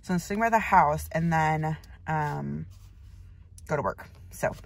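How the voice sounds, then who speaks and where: A woman's voice: deep voice, takes it slowly, creaky. A young woman chatting to the camera in a casual vlog, full of "like" and "um". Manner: chatty, lots of "like" and "um" fillers. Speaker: vlogger, traveling medical assistant. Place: at home, then in a car.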